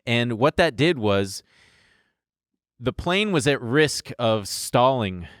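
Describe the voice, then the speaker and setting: A man's voice: medium pitch, lively intonation, slow, a bit bright, dry recording, clean studio sound. A man co-hosting a podcast, explaining at length in a casual, profane way. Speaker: podcast co-host. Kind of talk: casual chat.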